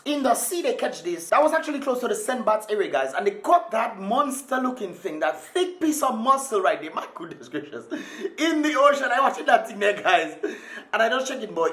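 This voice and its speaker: A man's voice: high voice, very animated, normal speed, a bit bright, reverberant. A man from Dominica, doing hype-filled casual vlog commentary with laughing asides. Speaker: vlogger.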